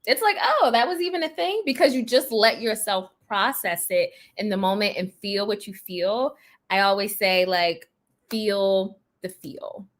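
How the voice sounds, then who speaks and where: A woman's voice: medium pitch, animated, moderate pace. A woman therapist speaking to teen girls in a panel discussion, emphatic and encouraging.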